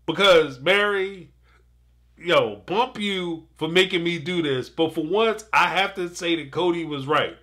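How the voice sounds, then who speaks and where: Man, live show host, casual reality-TV commentary, animated, bright tone, a bit higher voice. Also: unhurried. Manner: animated, talks to the audience directly, laughs often.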